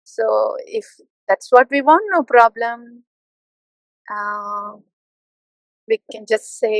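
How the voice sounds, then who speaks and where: High-voiced woman giving a devotional talk. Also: slow, pauses often, no room sound, low-quality recording. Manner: playful, mimics complacent listeners with soft laughs. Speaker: spiritual teacher.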